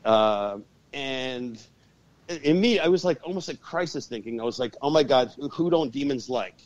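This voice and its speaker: A man telling a story as a podcast guest, animated and swearing freely. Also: medium pitch, moderate pace, no room sound. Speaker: guest, urban shaman and exorcist. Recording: dull lo-fi podcast audio.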